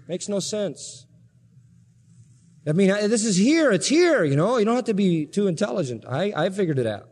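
A man's voice: high-pitched, sing-song, normal speed, a little mellow. A man preaching a sermon with emphasis and rhetorical questions, in a large church hall. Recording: long hall reverb.

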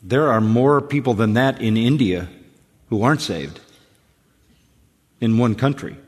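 A man talking in a relaxed radio discussion. He speaks earnestly and with emphasis, and often repeats words as he starts a thought. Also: medium pitch, unhurried, slightly rough, long reverb tail.

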